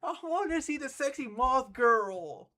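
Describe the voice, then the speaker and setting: A man streaming and chatting casually with his viewers, excitable and quick to laugh and swear. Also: extremely high pitch. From United States.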